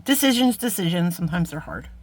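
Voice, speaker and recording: Woman, middle-aged, slightly low voice, chatty, self-deprecating, craft tutorial talk. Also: animated, quick pace, slight background noise. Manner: chatty, self-deprecating, talks to viewers as friends. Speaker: jewelry-making vlogger. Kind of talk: casual craft tutorial chat.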